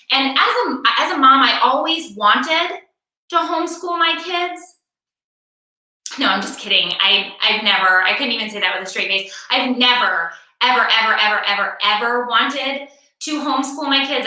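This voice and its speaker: A woman's voice: a little high, sharp tone. A middle-aged woman doing a stand-up comedy routine from home, ranting in a sarcastic, exasperated way and repeating words for effect. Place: home room, performing for a virtual show. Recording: very echoey room, far from mic.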